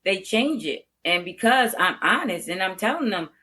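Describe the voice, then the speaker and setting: Blunt, bright-voiced older woman. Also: medium pitch, animated, moderate pace. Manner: blunt, frank, laughs easily. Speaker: veteran educator, podcast guest. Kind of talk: candid interview talk.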